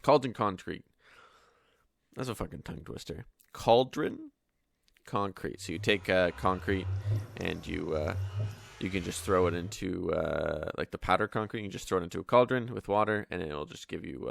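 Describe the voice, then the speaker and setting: A man's voice: low-pitched, vocal fry, a bit bright, a little hiss or hum. A man hosting his own gameplay channel, chatting casually and swearing freely, his voice tired from many takes. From Canada. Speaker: gaming channel host. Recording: faint background music.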